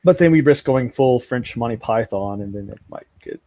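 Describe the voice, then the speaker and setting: A man's voice: medium pitch, animated, normal speed, dark tone, no room sound. A man co-hosting a podcast, chatting casually and thinking aloud like a storyteller. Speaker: podcast co-host. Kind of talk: casual chat.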